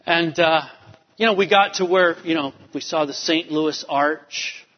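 A man preaching from the pulpit, easing into his message with a family story full of fillers and asides. His voice sits a little high for a man. The sound is dull and muffled, with long reverb from a large church hall. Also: unhurried. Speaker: pastor. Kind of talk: sermon with personal story. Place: church sanctuary.

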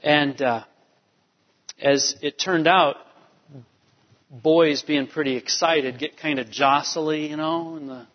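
A pastor telling a family story in a sermon, storytelling with many fillers. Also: male voice, on the high side, fairly even intonation, slow, long pauses. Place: church sanctuary. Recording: dull reverberant church hall. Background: long hall reverb.

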